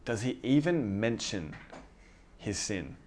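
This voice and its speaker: A man's voice: fairly low pitch, takes it slowly, a little hiss or hum. A man preaching a sermon in a casual, conversational way, often acting out dialogue. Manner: conversational, animated, acts out dialogue.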